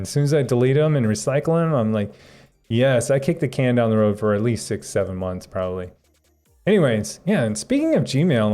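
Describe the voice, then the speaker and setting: A man's voice: mid-range voice, mellow. A man chatting casually on a tech live stream, rambling and chuckling as he reads viewer comments aloud.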